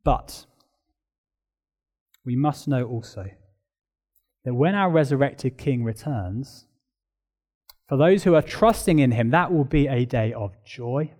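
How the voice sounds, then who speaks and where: Animated yet slow, with frequent pauses, a man with a medium-pitched voice preaches an expository sermon. His emphatic delivery escalates through repeated phrases before sinking to a quiet, solemn tone.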